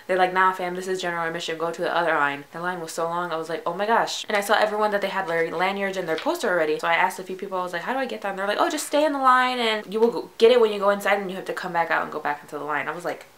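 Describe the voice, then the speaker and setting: A woman's voice: on the low side, rapid-fire, hardly any pauses, a bit bright. A young woman telling a casual storytime vlog, chatty and full of "like", acting out the lines of the people in her story. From United States. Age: young adult. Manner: chatty, full of "like" and acted-out quotes. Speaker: vlogger.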